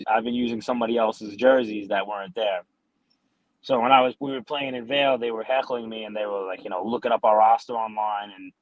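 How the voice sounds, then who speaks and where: A New York man in his twenties, a podcast guest, tells hockey stories in a rambling, easygoing way packed with fillers during a casual interview chat. His voice is mid-range, with no room sound, and the recording is muffled.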